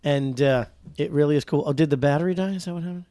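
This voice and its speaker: A man's voice: a little high, dark tone, dry recording. Man, podcast host, rambling, jokey, dry close mic. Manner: rambling, joking, halting. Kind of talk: casual podcast chat.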